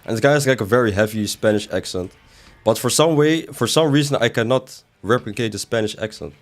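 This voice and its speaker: A man's voice: medium pitch, brisk. A young man chatting casually while he streams a video game, joking back at chat, his voice jumping up when he protests. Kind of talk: live gaming stream commentary, reading chat.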